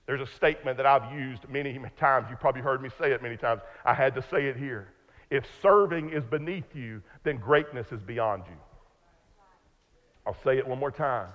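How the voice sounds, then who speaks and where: A man preaching a sermon from the pulpit, emphatic, repeating words and slowing down to stress key lines. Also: mid-range voice. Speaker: pastor. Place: church sanctuary. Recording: muffled long church reverb.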